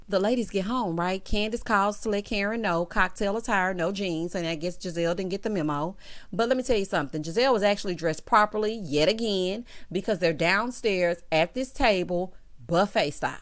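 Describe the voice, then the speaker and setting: A woman's voice: mid-range voice, brisk. A woman vlogger giving a sassy, opinionated recap of a reality show, sprinkling in "child" and "honey" and laughing at her own jokes. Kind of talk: casual opinionated commentary.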